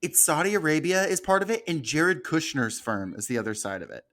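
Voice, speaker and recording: A man's voice: fairly high pitch, lively intonation, brisk, fairly bright tone. A man hosting a podcast in casual chat, joking and laughing at his own jokes. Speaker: podcast host.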